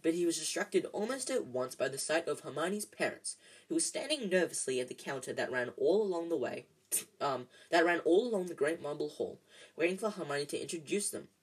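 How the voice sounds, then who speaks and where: Amateur storybook reader, husky, trips over words and fixes them. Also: medium pitch, animated, a little fast, poor audio. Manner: stumbling, self-correcting. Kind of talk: amateur audiobook narration.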